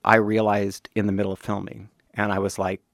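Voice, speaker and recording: Actor in his 50s, from Kansas City, emphatic interviewee, gravelly and low. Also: monotone, a little fast, dry recording, clean studio sound. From Kansas City, USA. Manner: emphatic, acts out quoted voices. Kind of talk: candid interview.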